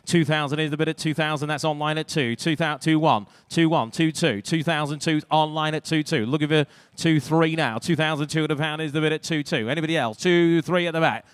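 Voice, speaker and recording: A British man working as an auctioneer, calling out bids in a rapid rhythmic patter with dry joking asides. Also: on the high side, a bit bright, dry recording. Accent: British English. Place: auction sale room.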